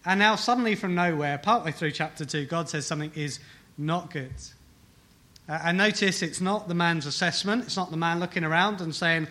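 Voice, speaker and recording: A man's voice: on the high side, normal speed, pushed and bright. A man preaching a sermon to a congregation, emphatic, repeating key phrases and asking rhetorical questions. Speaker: pastor. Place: church hall with congregation.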